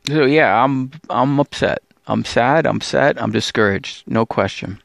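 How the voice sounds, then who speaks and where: Speaking a little slowly with vocal fry, this man has a medium-pitched, fairly bright voice in studio-quality, echo-free audio. He's a Bible teacher on a religious channel, pleading in a discouraged emotional monologue with stammered restarts and repeated appeals.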